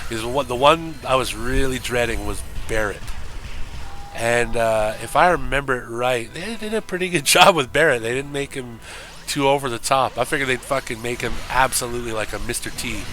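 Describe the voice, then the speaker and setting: A man chatting casually and profanely while streaming a game, rambling and joking with viewers. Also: medium pitch.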